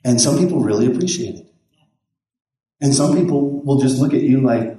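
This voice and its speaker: A man's voice: medium pitch, lively intonation, normal speed, pauses often, mellow. A man who is a pastor, telling stories casually in a rambling, folksy way with many restarts. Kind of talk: casual storytelling. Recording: very echoey room.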